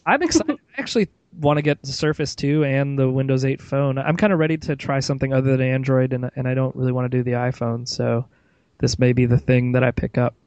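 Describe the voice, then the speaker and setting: A man's voice: medium pitch, quick pace, a little mellow, smooth, no echo, dull audio. A man hosting a casual tech podcast, rambling and opinionated, with plenty of fillers. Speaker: podcast host.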